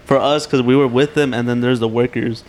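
A man's voice: mid-range voice, fairly even intonation, brisk, darkish tone, low-quality recording. A young man hosting a casual podcast chat, brash and mocking, swearing constantly. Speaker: podcast host.

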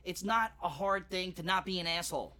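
A man's voice: high voice, a little fast, sharp tone. A man with a Long Island New York accent, hosting a podcast in brash, laid-back casual chat. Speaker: podcast host.

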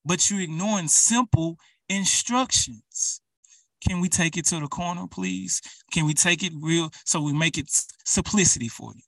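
A man's voice: high-pitched, moderate pace, gravelly, fairly bright tone, no echo, far from the mic. A man preaching an urgent, emphatic sermon, speaking straight to his listeners.

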